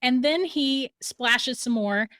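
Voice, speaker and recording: A woman as a podcast guest, telling a story in a lively way and laughing through it. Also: high-pitched, slow pace, no room sound, clean studio sound.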